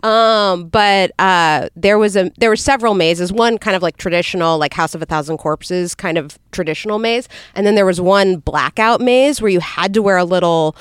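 A woman's voice: lowish voice, normal speed, hardly any pauses, clean tone, no echo, studio quality. A woman guest on a podcast, chatting casually and laughing often as she tells stories.

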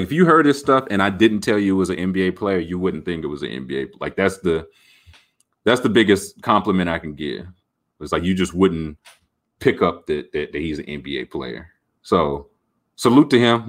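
A man hosting a podcast, rambling about sports in an animated, jokey way. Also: low voice. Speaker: podcast host. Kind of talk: casual sports talk.

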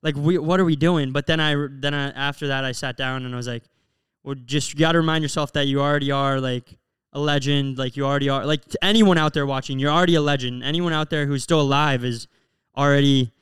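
A man's voice: mid-range voice, steady tone, fast talker, a bit bright, clean tone, dry recording. A young man from Florida co-hosting a podcast, telling stories in an open, earnest way with lots of "like". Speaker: podcast co-host. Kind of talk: casual chat.

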